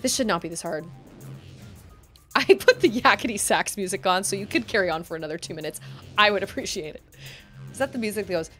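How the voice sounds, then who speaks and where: A woman's voice: medium pitch, lively intonation, a little fast, fairly bright tone, soft background music. A young woman streaming a video game, chatting casually and breaking into frustrated outbursts and groans at the game. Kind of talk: casual live-stream chat while gaming.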